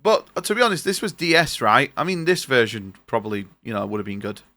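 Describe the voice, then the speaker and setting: A man's voice: mid-range voice, very animated, quick pace, bright, forceful tone, no echo. A young man streaming a game, chatting casually and reading its dialogue aloud in his own voice over a noisy recording. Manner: chatty, reads on-screen text in his own voice.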